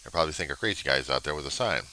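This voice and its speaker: A man's voice: extremely low pitch, lively intonation, rapid-fire, bright, forceful tone. A man rambling and grumbling to himself at his home computer in a video diary, recorded on a webcam. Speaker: diary vlogger.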